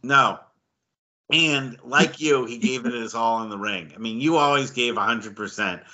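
A man's voice: medium pitch, moderate pace, pushed and bright. A man hosting a casual podcast interview, earnest and stammering with repeated words. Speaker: podcast host.

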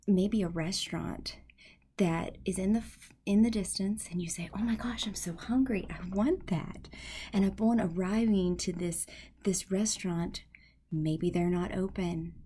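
Woman podcast host for a devotional talk: slow and gentle, husky with a gravelly edge, earnest and half-whispered. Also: fairly low pitch.

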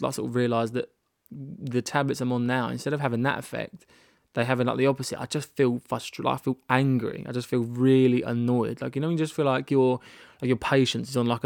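A man's voice: medium pitch, vocal fry, a little mellow, no echo, studio quality. A young British man hosting his own podcast, talking candidly in a rambling way with frequent restarts and self-deprecating laughs, recorded in a rented holiday annex. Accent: British English. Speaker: podcast host. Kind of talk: candid solo podcast monologue.

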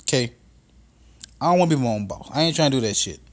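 A man's voice: medium pitch, lively intonation, quick pace. A man hosting a podcast, telling a profane comedic story in a casual monologue that builds into exasperated rants. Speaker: podcast host.

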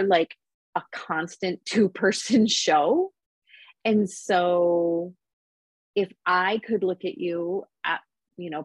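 A woman's voice: lowish voice, slightly rough, dry recording. A woman who works as a Reiki practitioner, talking reflectively in a casual podcast conversation with many fillers. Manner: warm reflective speech with frequent laughs and fillers.

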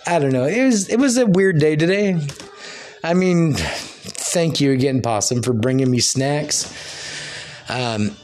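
A man's voice: fairly high pitch, animated, unhurried, long pauses, a little mellow, a little hiss or hum. Rambling, foul-mouthed man hosting a podcast. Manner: profane, loose, laughs between thoughts. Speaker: podcast host. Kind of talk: rambling solo podcast chat.

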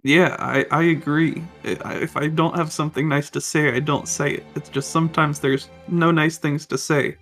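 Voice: mid-range voice, steady tone, normal speed, hardly any pauses, fairly bright tone, faint music behind. Stammering shy player character voice. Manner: stammering, hesitant. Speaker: tabletop game player. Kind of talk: playing a shy grief counselor in a tabletop game.

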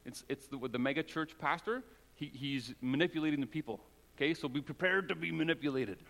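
A man preaching a sermon as pastor of his church, talking in a casual, joking way and dropping into a soft, low voice when he prays. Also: brisk, vocal fry. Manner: conversational and joking, with prayers spoken low and soft. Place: church sanctuary. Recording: long hall reverb.

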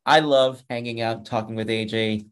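A man in his thirties wraps up a racing talk show in a loose, upbeat way. He rambles and keeps turning to the listeners as "folks," with a voice of ordinary middle pitch. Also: steady tone, moderate pace, fairly bright tone, clear, resonant tone. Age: 30s. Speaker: podcast host. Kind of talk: casual show wrap-up chat.

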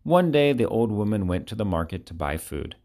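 A man reading short children's stories aloud with clear, expressive storytelling. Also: on the low side, brisk. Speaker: narrator.

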